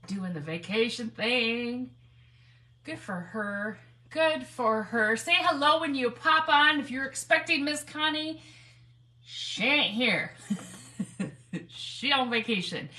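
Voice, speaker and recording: A woman's voice: high voice, sharp tone. A woman, hosting a live craft stream, chatty and laughing, greeting viewers by name. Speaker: craft livestream host.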